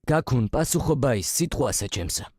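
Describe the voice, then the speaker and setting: A man's voice: medium pitch, animated, normal speed, a little mellow, dry recording, natural voice. A man voicing a solemn game king, dry. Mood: formal. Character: Georgian king unit-select voice, a solemn male ruler. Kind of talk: video game unit voice line.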